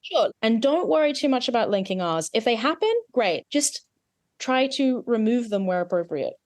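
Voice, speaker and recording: A woman's voice: a little high, animated, normal speed, a little mellow, dry recording, clean studio sound. A woman dialect coach giving an accent lesson, explaining mouth positions patiently and in technical detail.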